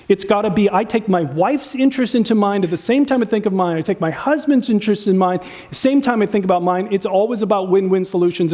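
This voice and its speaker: High-voiced man preaching animatedly. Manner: animated, acts out spouses' complaints in a raised voice; conversational, asks the audience questions. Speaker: pastor. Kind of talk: sermon.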